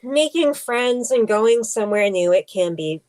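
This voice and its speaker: A woman's voice: a little high, expressive, unhurried, a little mellow. A woman co-hosting a podcast, chatting casually in rambling tangents full of "like". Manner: rambling, heavy use of "like", tangents. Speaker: podcast co-host. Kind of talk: casual chat.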